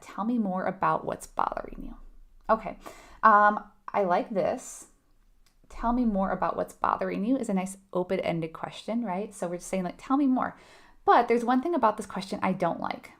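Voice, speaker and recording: A woman leading a live nursing exam review lesson, talking conversationally and asking her audience questions. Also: mid-range voice. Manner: conversational, asks the audience questions, frequent "right?".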